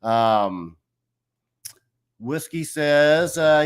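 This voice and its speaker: A man's voice: medium pitch, moderate pace. Rambling man chatting on a livestream. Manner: rambling, friendly, reads chat aloud. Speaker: host of a livestream. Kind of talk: casual live-stream chat.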